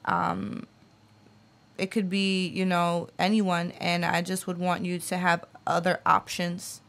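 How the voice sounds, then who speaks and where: In an interview, a poet and author in her late twenties speaks earnestly and reflectively, using lots of fillers, and reads some of her spoken-word poetry. Her voice is lowish, creaky and fairly bright, with little pitch movement, and she takes her time.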